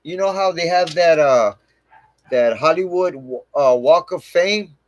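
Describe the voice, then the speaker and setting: A man's voice: a little high, lively intonation, unhurried, dry recording, dull audio. A man telling his own story on his channel, rambling and swearing heavily, with "man" dropped into nearly every line. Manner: rambling, heavy swearing, frequent "man" fillers. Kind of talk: casual storytelling to camera.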